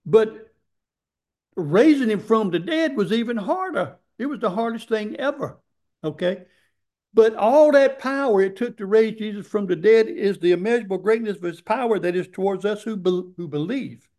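A man preaching a sermon, getting excited and repeating scripture lines for emphasis. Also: sits high, moderate pace.

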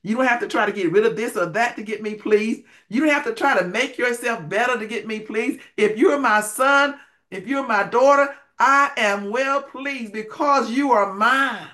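God speaking as a tender, reassuring father, as a male preacher puts him on. He talks slowly and gently in a high, bright voice.

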